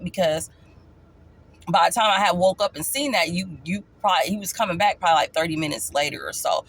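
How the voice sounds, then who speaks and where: Emphatic woman telling her life story. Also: lowish voice. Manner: animated, voice jumps up for emphasis. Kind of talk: casual storytime.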